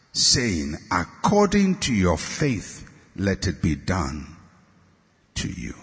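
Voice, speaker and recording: A man preaching a sermon with passion, climbing to shouts and sinking low on his repeated refrains. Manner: impassioned, rising to shouts and dropping low on refrains. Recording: long hall reverb.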